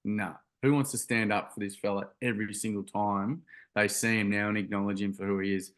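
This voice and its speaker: A man's voice: fairly low pitch, steady tone, a little fast, fairly bright tone. A young man telling a story in an interview, earnest and rambling with many ums and restarts. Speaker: guest, youth workshop founder.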